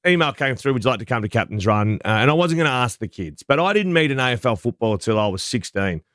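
A man's voice: mid-range voice, very animated, fast talker, a bit bright, no room sound, studio quality. A man in his forties with an Australian accent, telling a self-deprecating story in casual breakfast radio banter. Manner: chatty anecdote teller, self-deprecating.

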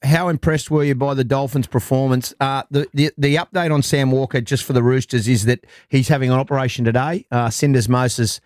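A man's voice: mid-range voice, fairly even intonation, a little fast, hardly any pauses, darkish tone, dry recording, clean studio sound. An Australian man hosting a sports talk panel in casual chat, boastful, with stumbling restarts. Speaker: sports show host.

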